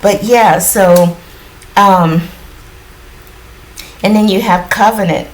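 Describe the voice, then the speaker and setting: A woman giving a casual spiritual card reading in a groggy morning voice, often clearing her throat and rambling reassuringly with lots of fillers. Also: mid-range voice, slow pace, a little hiss or hum, low-quality recording. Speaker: tarot card reader.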